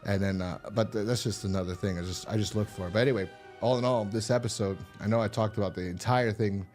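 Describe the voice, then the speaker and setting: This fast-talking man has a low, darkish voice with fairly even intonation, and faint music sits in the background. Reviewing a horror episode on his podcast, he rambles through the story with plenty of profanity and many restarts.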